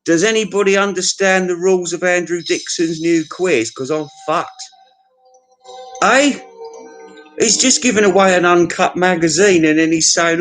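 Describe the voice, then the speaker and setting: A man's voice: fairly high pitch, expressive, unhurried, a bit bright, soft background music, rough recording. A British man vlogging in a rambling, sweary and mocking way, reading out questions and ranting at other people. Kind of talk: casual rambling video chat.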